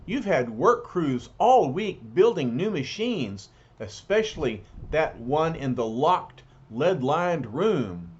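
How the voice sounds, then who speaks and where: A man voicing an earnest, worried young woman superhero in a comic read-aloud, lifting his pitch for her. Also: sing-song, takes it slowly, hardly any pauses, breathy edge, dull audio, full character voice. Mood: suspicious.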